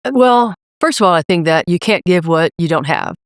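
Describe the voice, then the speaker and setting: A middle-aged woman, a leadership coach, talking in an emphatic, energetic motivational way as a podcast guest. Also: lowish voice, brisk, clear, resonant tone, no echo, clean studio sound. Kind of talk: podcast interview.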